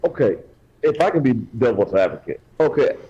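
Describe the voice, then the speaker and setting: A man's voice: medium pitch, very animated, normal speed, warm tone, husky. A man co-hosting a casual podcast, arguing his side hesitantly and often repeating words. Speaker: podcast co-host. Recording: dull lo-fi sound.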